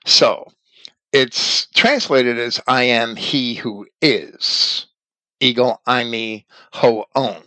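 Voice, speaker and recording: Guy reading an article out loud and explaining it, slow and careful, dry close sound. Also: medium pitch, animated, no echo, rough recording. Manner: slow, deliberate, spells out names letter by letter. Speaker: religious teacher reading and commenting on an article. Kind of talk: reading aloud with commentary.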